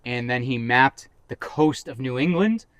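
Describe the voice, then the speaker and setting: A man's voice: mid-range voice, steady tone, measured pace, fairly bright tone, clear, resonant tone, no room sound. A man co-hosting a casual podcast, rambling and joking with mock-dramatic outbursts. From Massachusetts. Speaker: podcast co-host. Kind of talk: casual chat.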